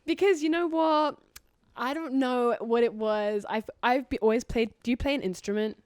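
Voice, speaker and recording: A woman's voice: a little high, darkish tone, dry recording. British woman, casual guest chat, self-deprecating, trips over her words, dry close sound. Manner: chatty, self-deprecating, with quick restarts. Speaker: guest singer.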